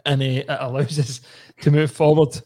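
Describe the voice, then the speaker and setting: A man's voice: medium pitch, level tone, moderate pace, mellow. A man with a Scottish accent hosting a football podcast in casual, laughing, sweary banter. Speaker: podcast host. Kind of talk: casual chat.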